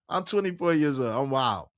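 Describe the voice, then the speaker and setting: A man telling a personal story casually, getting animated and jumping up in pitch when he quotes himself. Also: normal speed, no echo, clean studio sound. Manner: animated, jumps high when quoting himself, laughs through.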